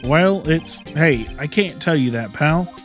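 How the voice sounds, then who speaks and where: A man voicing a gruff male police detective in a video game, talking bluntly and blustering, with faint game music behind. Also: on the high side, expressive, takes it slowly. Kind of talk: reading game dialogue aloud in voices.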